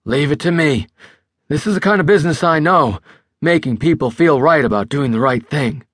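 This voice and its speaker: A man's voice: fairly high pitch, animated, normal speed, fairly bright tone, no echo, studio quality, voice pushed up. A male narrator playing a tipsy, stubborn older political fixer who rambles with backslapping bluster. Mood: boozy.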